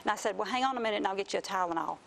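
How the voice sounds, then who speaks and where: A woman's voice: medium pitch, racing, creaky, a crowd in the background. Earnest woman telling her story. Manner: earnest, animated retelling with quoted voices. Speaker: interview guest, mother. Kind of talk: emotional personal storytelling.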